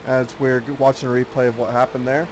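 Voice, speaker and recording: A man's voice: mid-range voice, little pitch movement, fast, background noise. Chatty young man calling a sim race. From Oklahoma, US South. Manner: chatty, laughs often. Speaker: race broadcaster. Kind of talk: sim racing commentary.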